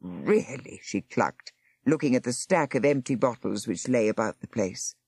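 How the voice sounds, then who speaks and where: A woman narrating a story aloud in an expressive storytelling manner. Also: very deep voice, normal speed, breathy edge, dry recording, clean studio sound. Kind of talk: audiobook narration.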